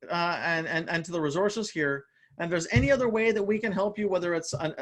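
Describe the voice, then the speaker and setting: Energetic male motivational speaker, high voice, stumbles and repeats words, talks straight to "you guys" over a video call. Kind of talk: live online motivational talk.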